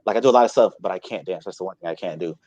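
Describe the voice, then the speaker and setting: A man who is a guest in a casual interview, answering in a modest, self-deprecating way with quick asides. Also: low voice, darkish tone, dry recording, dull audio.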